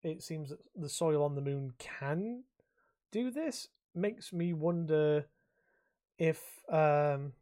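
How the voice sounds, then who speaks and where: A man's voice: fairly high pitch, slow pace, mellow. A man, co-hosting a podcast in casual chat, swearing and rambling as he talks. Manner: sweary, rambling, laughs often. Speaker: podcast co-host.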